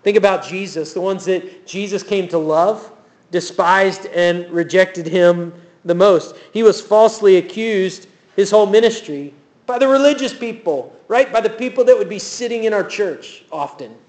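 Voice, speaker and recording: A man preaching a sermon in a church, telling the story with animated, acted-out quotes. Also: high-pitched, normal speed. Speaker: pastor.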